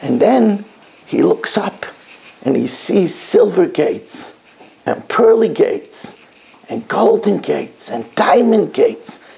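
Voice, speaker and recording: A high, lively male voice that swoops up and down as a middle-aged rabbi preaches to schoolboys. He tells stories and repeats his points for emphasis. His words come slowly, with a gravelly edge. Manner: animated storytelling, emphatic repetition. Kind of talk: sermon to schoolboys.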